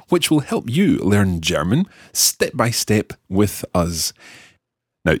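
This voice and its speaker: Man, language course host, low voice, husky, dry studio sound, careful repetition. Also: no echo. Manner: slow careful repeating of phrases. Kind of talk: friendly scripted lesson banter.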